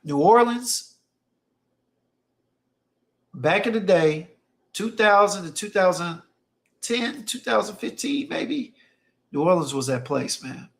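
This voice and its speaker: A man with a high, gravelly voice and big pitch swings hosts a stream, speaking slowly with long pauses. He reads chat and tells casual stories emphatically, often repeating phrases for effect.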